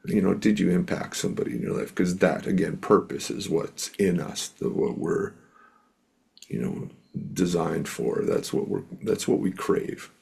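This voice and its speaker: A man's voice: deep voice, moderate pace, gravelly, darkish tone, slightly rough. A middle-aged man from Canada, a musician and speaker, telling stories as an interview guest in an earnest, rambling way with lots of fillers. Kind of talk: storytelling in an interview.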